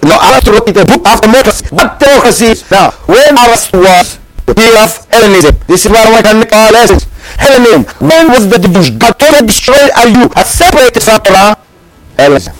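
Impassioned man preaching, lively pitch. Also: brisk, rough recording. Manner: emphatic, repetitive, swings between loud and hushed. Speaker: religious teacher. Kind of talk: impassioned sermon.

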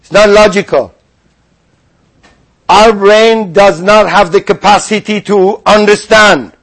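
High-voiced man teaching a spiritual lesson. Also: slow, fairly bright tone. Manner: questioning, acts out figures in quoted voices. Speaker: religious teacher.

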